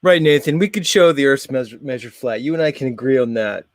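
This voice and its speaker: A man hosting his show in a sarcastic, mock-formal monologue, jumping between loud jabs and muttered asides. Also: medium pitch, lively intonation, brisk, no room sound, studio quality. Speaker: show host. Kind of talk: sarcastic monologue reacting to a clip.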